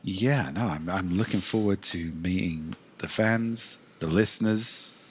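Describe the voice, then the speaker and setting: A man's voice: sits low, a little slow, a bit bright, slight background noise. A man from England with an English accent, co-hosting a podcast in casual, sweary, self-mocking banter. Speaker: podcast co-host. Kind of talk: casual chat.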